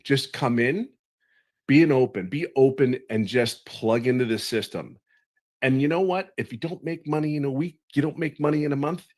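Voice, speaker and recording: A man's voice: medium pitch, darkish tone. Fifties man, emotional webinar testimonial, urgent and sincere, repeats key phrases. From California. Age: 50s. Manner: earnest, pleading, repeats phrases for emphasis.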